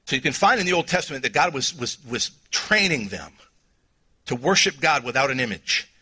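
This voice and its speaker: A middle-aged man with a Southern US accent preaching a sermon as pastor, emotional, swinging from quiet, low passages to near shouting. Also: very animated, fairly quick, breathy edge.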